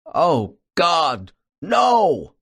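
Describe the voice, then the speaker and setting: A man voicing a terrified evangelical preacher who cries out in a shrill, shouting voice. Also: sing-song, takes it slowly, heavily acted. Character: terrified male evangelical preacher, fiery, shaken, stubborn.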